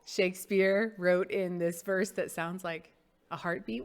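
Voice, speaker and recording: A woman's voice: fairly low pitch, unhurried, a bit bright, clear, resonant tone. A woman teaching a casual mini-lesson, playful and emphatic, who exaggerates word stress to make her point. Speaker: English teacher.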